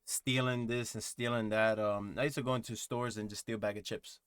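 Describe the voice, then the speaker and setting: A man's voice: lowish voice, level tone, fairly quick, fairly bright tone, clean tone. A man hosting a music reaction video, thinking aloud in a rambling, casual way with lots of fillers and asides.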